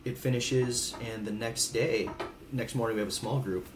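A man in his thirties from Hawaii, a veteran podcast guest, tells stories candidly and conversationally over music. His mid-range voice holds a steady tone at a moderate pace. Casual and frank, he swears now and then and acts out quoted voices, and the room sounds echoey.

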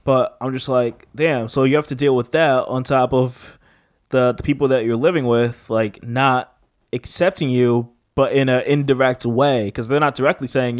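Male co-host, casual and rambling, laughs easily, mid-pitched voice. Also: steady tone, unhurried. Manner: laid-back, rambling, laughs often. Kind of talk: casual chat.

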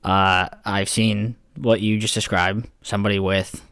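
A man's voice: fairly low pitch, level tone, a little slow, creaky, a bit bright, dry recording, clean studio sound. A man co-hosting a podcast, joking around in casual banter and swearing freely. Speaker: podcast co-host. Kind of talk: casual chat.

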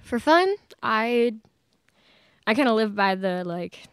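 Smooth-voiced teen girl chatting. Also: fairly high pitch, lively intonation, slow, no echo. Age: late teens. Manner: chatty, laughs often, many fillers. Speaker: guest. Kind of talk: casual chat. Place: church studio.

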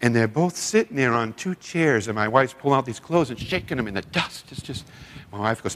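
A man's voice: mid-range voice, lively intonation, a little fast, a bit bright. A middle-aged man, a former youth pastor, tells heartfelt stories at a men's seminar and acts out other people's lines. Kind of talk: storytelling sermon. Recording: long reverb of a large hall.

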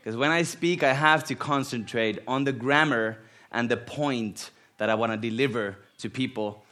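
A man from Finland with a Finnish accent, a guest preacher telling personal stories and laughing often. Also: mid-range voice. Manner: laughs often, animated and self-deprecating.

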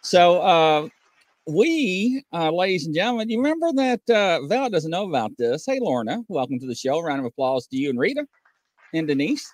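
Chatty man hosting a live show, lively pitch. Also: normal speed, no room sound. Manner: rambling, chatty storyteller with many fillers and restarts. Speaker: host of a live call-in show. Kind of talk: casual live-stream chat.

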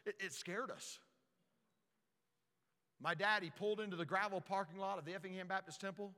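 A man preaching a storytelling sermon, animated and stumbling over repeated words as he starts sentences. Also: sits high, fairly quick, in a large hall.

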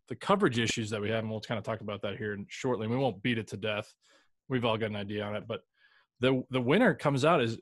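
A man chats about golf in a relaxed, meandering way, often restarting his sentences. His voice sits in a middle register. The recording is dry and close to the mic. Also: medium pitch, no room sound. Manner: rambling, loose, with frequent restarts and mild swearing. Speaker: golf podcast host. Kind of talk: casual chat.

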